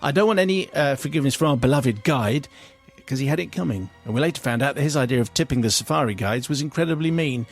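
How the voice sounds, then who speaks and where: A man's voice: lively intonation, fast, soft background music. Radio host man reading a letter. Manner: comic storytelling, swings into high squeals for the letter writer's cries. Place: radio studio.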